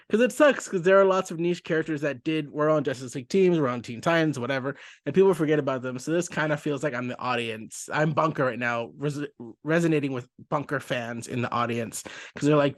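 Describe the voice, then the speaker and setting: A man's voice: fairly high pitch, brisk, no echo, studio quality. A man hosting a casual comic book review, talking in a chatty, self-interrupting way and laughing easily. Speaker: comic book podcast host.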